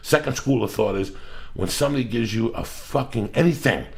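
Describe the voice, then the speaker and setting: A man's voice: medium pitch, fairly quick, vocal fry. A middle-aged man hosting a podcast, ranting in a casual, profane, emphatic way. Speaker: podcast host.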